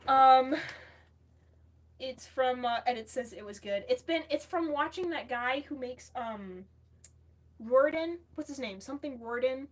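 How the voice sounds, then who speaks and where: A young woman from the United States hosts a casual livestream with a high voice. She reads viewer comments aloud and answers each one in a chatty way. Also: lively intonation, unhurried. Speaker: livestream host.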